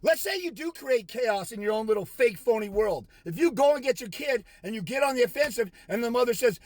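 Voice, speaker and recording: A man with a strikingly high voice tears into his audience in a furious, profane rant that keeps breaking into shouts. The sound is close and dry, with no room around it. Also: expressive, brisk, few pauses, no echo. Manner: aggressive, insulting, with shouted bursts; mocking put-on quotes of others. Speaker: fathers' rights consultant. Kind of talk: angry profane rant to camera.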